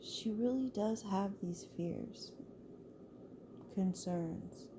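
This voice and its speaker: A woman's voice: mid-range voice, drawn-out words, noisy background. A woman telling a story in a loose, chatty way, full of "like" and restarts. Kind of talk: casual spoken storytelling.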